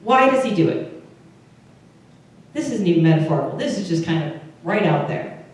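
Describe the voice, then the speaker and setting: A woman's voice: lowish voice, expressive, moderate pace, a little mellow. A woman pastor with an Upper Midwest American accent, giving a conversational sermon and asking her congregation questions. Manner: chatty, asks the congregation questions. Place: church service room. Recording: very echoey room, voice from far off.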